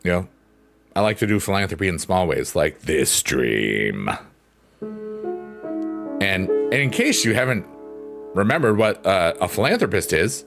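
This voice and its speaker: A man's voice: low-pitched, sing-song, measured pace, pauses often, a bit bright. A man hosting a livestream, chatting casually and jokingly as he reads out the chat. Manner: rambling, jokey, reads chat aloud. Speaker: livestream host. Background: piano.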